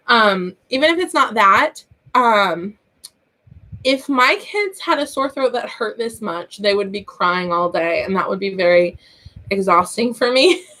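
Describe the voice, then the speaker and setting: A woman's voice: mid-range voice, sharp tone. A woman in her thirties with a sore throat, hosting a casual live-stream chat, rambling and laughing often. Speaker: online teacher and channel host.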